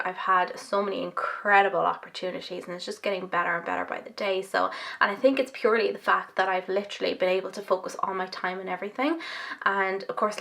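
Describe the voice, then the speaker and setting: A young woman talks through a relaxed Q&A vlog while applying her own makeup at home. She rambles from one thought to the next, full of fillers and self-deprecating asides, with a gravelly fry under her mid-pitched voice. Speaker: makeup YouTuber. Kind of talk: casual chatty Q&A vlog.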